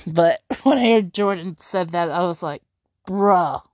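A woman talking in casual vlog commentary, excitable and rambling, often laughing and restarting her sentences. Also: on the low side, normal speed, no echo, clean studio sound. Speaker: streaming commentator.

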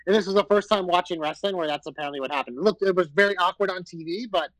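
A man's voice: high voice, very fast, fairly bright tone, no echo, poor audio. A man co-hosting a wrestling podcast, chatting casually, teasing and swearing now and then. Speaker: podcast co-host.

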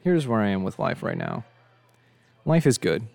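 A young man chats through his podcast in a low, gravelly voice that sounds dark and mellow. He rambles and pokes fun at himself, and he sounds worn out from too little sleep. The recording is dry. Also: big pitch swings, normal speed, no room sound, faint music behind. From of Mexican descent. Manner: rambling, joking, self-deprecating. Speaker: podcast host. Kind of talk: casual solo podcast chat.

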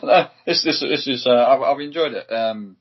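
A man hosting a podcast, speaking in a hesitant, halting way as he wraps up the interview. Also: medium pitch, breathy edge. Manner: hesitant, halting, with fillers and restarts. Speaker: podcast host. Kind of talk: casual interview wrap-up. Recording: dull lo-fi podcast audio.

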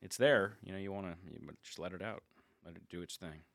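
A man with a low, bright, forward voice riffs loosely through crude jokes, swearing freely and breaking into laughter. The sound is dry and close. Nothing about him is formal; he rambles and restarts as the talk runs on. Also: fast talker, creaky, dry recording. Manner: loose, profane, laughs often. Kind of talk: crude casual chat.

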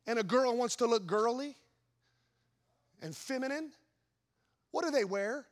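A pastor delivers a sermon, telling an animated story with voiced asides and rhetorical questions aimed at the congregation. His voice is very high and his pace a little slow.

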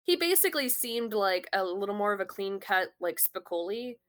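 A woman's voice: mid-range voice, very animated, moderate pace, fairly bright tone. A woman in casual conversation, telling a long story with many fillers and restarts. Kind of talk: casual chat.

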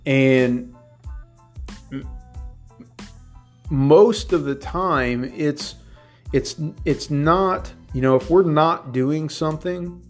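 A man's voice: fairly high pitch, very slow, long pauses, faint music behind. A man hosting a podcast, talking earnestly in a casual motivational monologue, rambling with frequent restarts and fillers. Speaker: podcast host.

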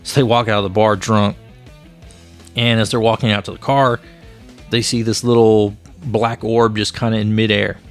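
Gravelly low-voiced man recapping a comic. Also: moderate pace, faint music behind. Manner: animated storyteller who acts out the characters' lines. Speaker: comic book podcast host. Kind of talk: casual retelling of a comic story.

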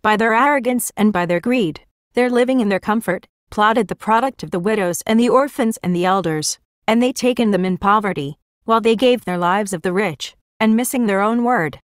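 A woman's voice: mid-range voice, brisk, dry recording, studio quality. Woman solemnly narrating a prophetic vision.

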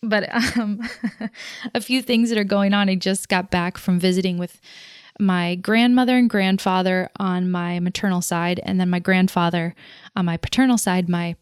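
A woman talks through a loose, reflective monologue as host, drifting off on tangents and laughing at her own remarks. Her voice is smooth and clear. It is recorded close and dry, with no room sound. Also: lowish voice, fairly even intonation, moderate pace, dry recording. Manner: rambling, goes off on tangents; laughs at herself.

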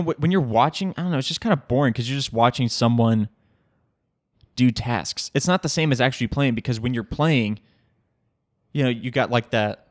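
Young guy ranting on his podcast at home, swears a lot, laughs at himself, mid-pitched, super dry sound. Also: no room sound. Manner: swearing, laughing, animated rambling. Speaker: podcast host. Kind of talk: casual solo podcast rant. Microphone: podcast microphone.

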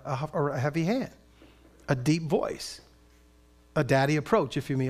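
Guy preaching, lively and chatty, kinda high voice, jokes around as he goes. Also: moderate pace, pauses often. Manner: animated, conversational preaching with playful asides. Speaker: pastor. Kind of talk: sermon.

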